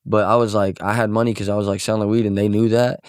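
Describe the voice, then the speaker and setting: Young male guest from Missouri, casual storyteller, rambling and profane, lowish voice, dry close sound. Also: level tone, quick pace, a little mellow, clean tone, no room sound. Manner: rambling, profane, many filler words. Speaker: guest musician.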